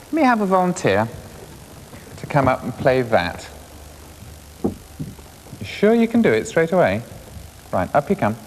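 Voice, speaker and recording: A man presenting a classroom music lesson to primary school children, asking brisk, encouraging questions. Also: mid-range voice, wildly swooping pitch. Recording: 1980s schools TV, reverberant school hall, faint hiss.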